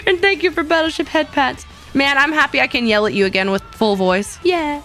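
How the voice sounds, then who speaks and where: Chatty streamer lady, rambly and playful, soft music going behind her. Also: high-pitched, normal speed. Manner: playful, chatty, laughs often, trails off and repeats herself. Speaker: VTuber streamer. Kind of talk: casual live-stream chat with viewers.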